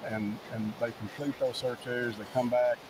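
A man, an emergency management director, giving a steady press briefing outdoors, listing resources with frequent restarts. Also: medium pitch, moderate pace. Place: outdoors at a search site. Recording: outdoor briefing with loud background noise.

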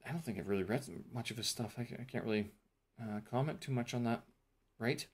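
A man's voice: medium pitch, lively intonation, a little fast. A man casually talking through his course notes in a vlog, thinking aloud with fillers and self-corrections. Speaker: vlogger reviewing a teacher training course.

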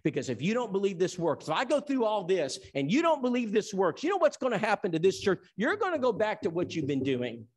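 A man's voice: high voice, huge pitch swings, brisk, few pauses, slightly rough. A man from Tennessee who teaches an evangelism seminar. He preaches in an emphatic storytelling style and acts out the dialogue. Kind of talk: sermon.

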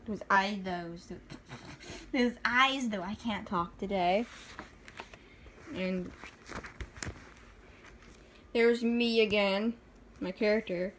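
A woman's voice: mid-range voice, very slow, long pauses, fairly bright tone, slight background noise. A young woman showing her own drawings in a casual, rambling chat, giggling often and making fun of herself. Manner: giggly, rambling, self-deprecating.

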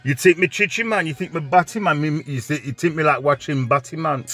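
A man's voice: on the high side, brisk, breathy edge, soft background music. A man voicing an angry Jamaican man who loves cowboy films, speaking in heavy patois. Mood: indignant. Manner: heavy patois, indignant and loud.

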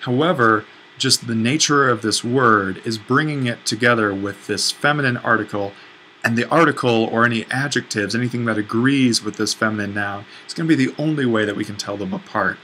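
A man's voice: medium pitch, brisk, sharp tone, a little hiss or hum, rough recording. A man teaching a recorded lecture, explaining step by step with fillers and self-corrections.

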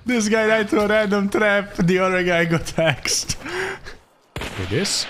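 A man giving casual, excitable gameplay commentary as a streamer, yelping at sudden moments. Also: sits high, a little slow, a little hiss or hum.

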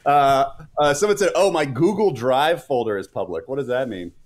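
A man's voice: mid-range voice, normal speed. A man hosting a live stream in casual chat, reading out chat comments and rambling with many fillers and restarts.

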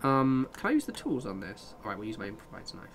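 A man's voice: on the low side, huge pitch swings, quick pace, gravelly, a bit bright, a little hiss or hum. A young man casually commenting on a survival game as he plays, swearing and talking back to his chat. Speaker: streamer.

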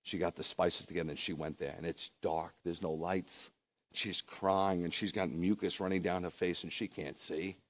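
A man, a rabbi, preaching a lively sermon full of rhetorical questions and conversational asides. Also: low voice, normal speed.

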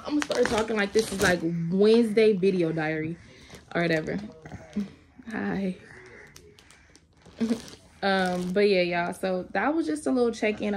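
Slight background noise sits under this young woman's mid-range voice as she chats through a home video diary. A family vlogger, she keeps things chatty and turns to speak to her toddler between updates.

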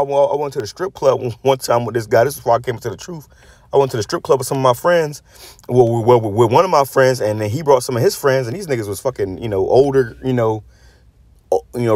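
A man preaches in a blunt, profane rant, reading verses aloud and then tearing into them. He keeps repeating words as he restarts his sentences. His voice sits at an ordinary pitch and sounds dry and close. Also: darkish tone, dry recording. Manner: reads scripture aloud then comments on it. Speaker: religious channel host.

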